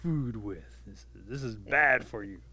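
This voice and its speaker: A man voicing a pack of angry male wolves in a folk tale, speaking in a menacing way and chanting loudly together. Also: fairly low pitch, a little slow, full character voice. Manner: growling, loud chanting as a group.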